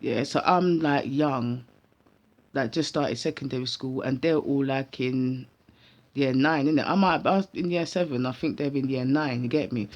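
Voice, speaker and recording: British woman spinning a story, loads of london slang, lively, muffled lo-fi sound. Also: rumbling low, moderate pace. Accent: British, London street slang. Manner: animated, slangy, laughs while telling. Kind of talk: casual storytelling vlog.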